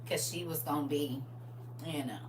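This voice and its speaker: With a deep, unhurried voice, a middle-aged woman hosting a livestream talks casually and emphatically, laughing a lot. A faint hum comes through the distant mic.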